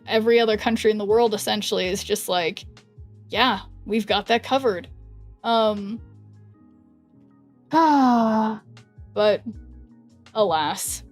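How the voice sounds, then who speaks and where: Rambling young woman streamer. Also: on the high side. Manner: rambling, many fillers, laughs often. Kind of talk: casual livestream chat. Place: her hot bedroom with a fan blowing.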